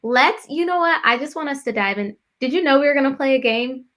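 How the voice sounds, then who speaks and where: A woman's voice: high voice, lively intonation, a little fast, a bit bright. A bubbly woman, hosting a casual live-stream chat and greeting viewers. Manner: bubbly, keeps saying "y'all". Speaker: host.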